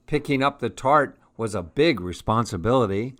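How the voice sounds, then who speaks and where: A man reading a children's picture book aloud in a gentle, expressive way. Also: mid-range voice, moderate pace. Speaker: storyteller.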